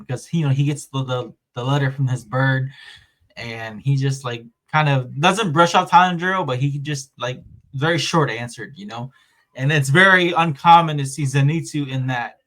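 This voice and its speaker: Guy hosting a podcast, mid pitch, rambly and loose, lots of like and you know. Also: sharp tone. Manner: rambling, filler-heavy recap with acted-out quotes. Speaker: podcast host. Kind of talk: casual podcast chat.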